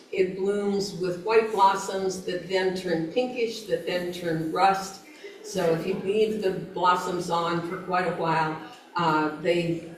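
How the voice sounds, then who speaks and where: A woman speaks at a fairly low pitch during a chatty, informal plant talk at an outdoor garden event, laughing and using fillers frequently. Slight background noise and faint ambience come through the roomy, distant-mic recording.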